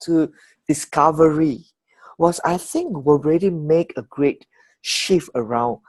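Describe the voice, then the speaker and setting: Female facilitator on a video call, animated and affirming; low-ish voice, very expressive pitch. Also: a little slow, no echo. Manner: animated, affirming, laughs often. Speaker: coaching course facilitator. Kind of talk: leading a group feedback discussion.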